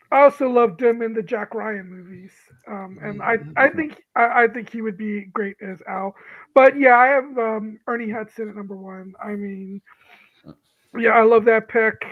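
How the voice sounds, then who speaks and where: A man on a casual panel chat, measured and thoughtful. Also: sits high, steady tone, narrow, tinny audio.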